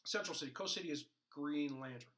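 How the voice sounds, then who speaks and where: Bright-voiced man rambling with jokes. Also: a little high, a little fast, rough recording. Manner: rambling and jokey, with many fillers and restarts. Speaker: podcast co-host. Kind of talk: casual chat.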